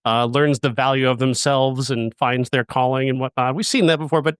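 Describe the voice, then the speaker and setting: A man's voice: medium pitch, steady tone, smooth, no echo. A man hosting a movie review podcast who talks with eager enthusiasm, stumbling over restarts as he praises a film. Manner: enthusiastic, halting, with many fillers and restarts. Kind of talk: casual review chat.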